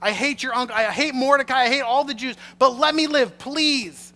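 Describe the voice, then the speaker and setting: A man's voice: extremely high pitch, moderate pace, pushed and bright, pitched above the performer's own voice, exaggerated voice. A man voicing a terrified, spiteful male villain who begs frantically for his life. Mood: frantic begging.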